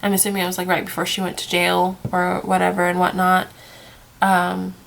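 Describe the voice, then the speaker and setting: A woman's voice: lowish voice, completely flat delivery, brisk, creaky, a bit bright. A young woman vlogging casually, worn out from crying and short on sleep, rambling and trailing off into whispers. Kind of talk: casual emotional vlog.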